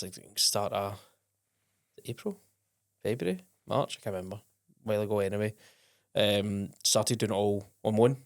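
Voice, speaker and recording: A man's voice: on the low side, no echo, studio quality. A man hosting a podcast in casual, rambling chat with many restarts. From Scotland. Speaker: podcast host.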